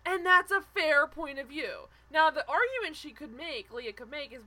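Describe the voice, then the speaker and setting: Young woman gushing about reality tv, high bright voice, lots of like, like, restarting sentences. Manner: animated, heavy use of "like", quick restarts. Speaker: podcast co-host. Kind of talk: casual chat recapping a reality show.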